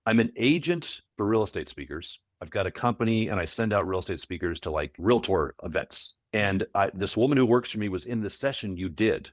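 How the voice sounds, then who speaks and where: A man who coaches property managers, a podcast guest telling stories in a casual interview, animated and often repeating words as he restarts. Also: fairly low pitch, a little fast, no room sound, clean studio sound. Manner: animated, repeats words, acts out quoted voices.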